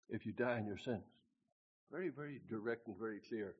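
In lo-fi sound, an older man tells the story of his past and conversion in a rambling way, repeating himself and quoting scripture with emphasis. His mid-range voice is slightly rough, fairly quick, and lively in intonation.

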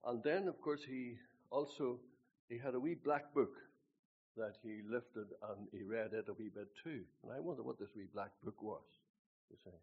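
A man's voice: mid-range voice, normal speed, slightly rough, narrow, tinny audio. An older man recalls his past in a rambling spoken testimony, repeating himself and quoting scripture with force. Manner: rambling, repeats words, quotes scripture with emphasis. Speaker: storyteller recalling his conversion.

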